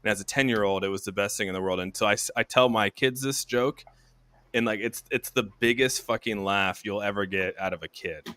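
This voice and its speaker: Swearing rambling storyteller dad. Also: male voice, on the low side, brisk, a bit bright, clean tone, no room sound. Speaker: podcast co-host. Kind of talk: casual chat.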